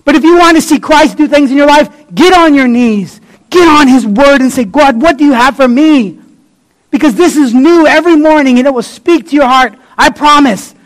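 Male preacher with a very high voice; fervent, blunt, casual sermon delivery. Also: brisk, rough recording.

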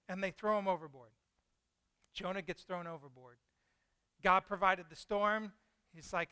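A man's voice: sits high, moderate pace, pushed and bright, clean tone, no echo. A man preaching a conversational sermon, asking his listeners questions and acting out the voices in the story. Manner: conversational, asks the congregation questions, acts out quoted voices.

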